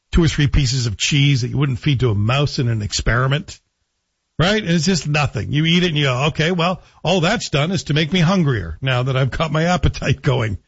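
Man, sardonic political commentary, husky, slightly high voice, dull lo-fi dry sound. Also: a bit bright, dry recording. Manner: sardonic, rhetorical questions to the listener. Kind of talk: opinionated monologue.

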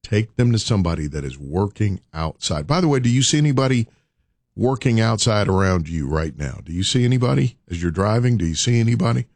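A man's voice: lowish voice, expressive, brisk, a little mellow, dry recording. A man hosting a radio show, urging listeners with preacher-like repetition. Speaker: radio host. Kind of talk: morning radio talk.

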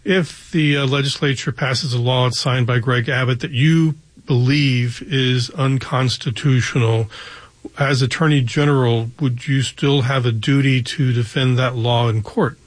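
A man's voice: medium pitch, fairly even intonation, unhurried, dry recording. Man asking direct interview questions. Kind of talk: political interview.

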